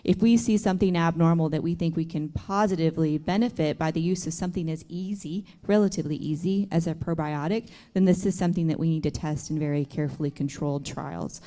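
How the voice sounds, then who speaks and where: A woman's voice: deep voice, fast talker, few pauses, dark tone. A woman on a conference panel, giving earnest and practical advice to families.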